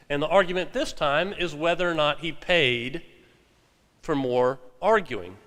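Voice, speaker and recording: A man's voice: on the high side, a bit bright. Male pastor preaching in a reverberant sanctuary. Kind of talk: sermon with scripture reading.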